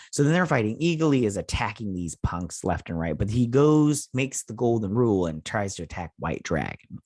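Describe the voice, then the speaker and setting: A lowish-voiced man in his thirties chats his way through an episode recap, rambling and amused and often restarting his sentences. The sound is dry and close, with no room around it. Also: slightly rough, no echo. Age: 30s. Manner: rambling, loose storytelling with many restarts; amused, chatty. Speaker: show recap host.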